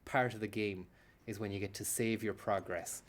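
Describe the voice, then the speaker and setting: A man's voice: fairly low pitch, steady tone, normal speed, heavy background noise. A man giving casual, rambling let's-play commentary, joking and swearing as he plays. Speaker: gameplay streamer. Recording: game music playing behind.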